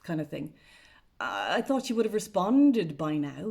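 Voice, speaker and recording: A woman's voice: lowish voice, big pitch swings, moderate pace, gravelly, darkish tone. A woman with an Irish accent, a journalist giving a wry, sarcastic, chatty update straight to camera. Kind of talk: casual vlog commentary.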